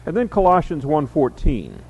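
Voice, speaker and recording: A man teaching a Bible study lecture, explaining words slowly and reading verses aloud with added emphasis, often pausing with fillers. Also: fairly high pitch, huge pitch swings, a little mellow, breathy edge, lo-fi sound.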